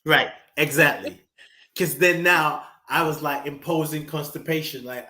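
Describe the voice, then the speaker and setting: A man guest talking reflectively in a conversation, expressive and animated, slipping into emotional stories. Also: a little high, measured pace, reverberant.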